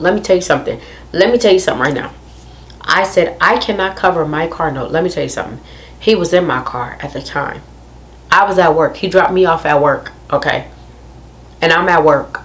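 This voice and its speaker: A woman's voice: low voice, a little hiss or hum. A young adult woman, telling a story in a casual, emphatic rant to her viewers and repeating her points. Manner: emphatic, repeats phrases, addresses viewers directly. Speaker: vlogger.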